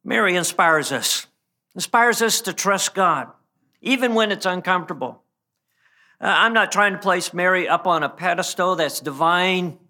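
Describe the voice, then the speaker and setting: A man preaching a sermon in an earnest way, often restarting and repeating words, and dropping low and quiet for emphasis. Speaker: pastor.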